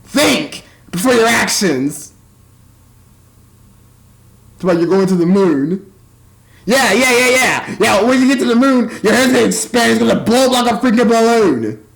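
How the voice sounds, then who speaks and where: A man's voice: very high voice, expressive, measured pace, vocal fry, pauses often, poor audio. A man ranting casually into his webcam at home, rambling and exasperated as he goes. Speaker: vlogger.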